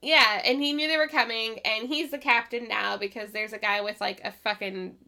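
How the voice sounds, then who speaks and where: High, bright-voiced woman recapping casually. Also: moderate pace, vocal fry. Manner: laughing, animated retelling with quoted voices. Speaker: podcast co-host.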